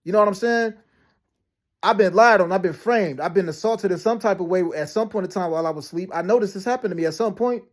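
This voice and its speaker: Fast-talking aggrieved man ranting. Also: high voice. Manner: fast, repetitive storytelling with frequent restarts and "you know what I'm saying"; aggrieved and defensive, heavy slang and profanity. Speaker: vlogger. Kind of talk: rambling personal rant to camera.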